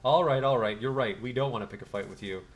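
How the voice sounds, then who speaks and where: A man's voice: on the low side, very fast, pitched below the performer's own voice, natural voice. A man voicing an arrogant woman gang leader, read in a sneering, threatening tone.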